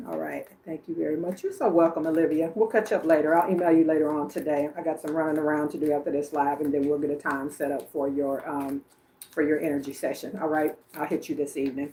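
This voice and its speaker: A woman with a low, deep-set voice hosts a live psychic reading stream. She talks in a loose, chatty way, relaying messages to viewers and breaking into easy laughter between phrases. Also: a little mellow, a little hiss or hum. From Illinois. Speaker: psychic medium and livestream host. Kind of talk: casual livestream psychic reading.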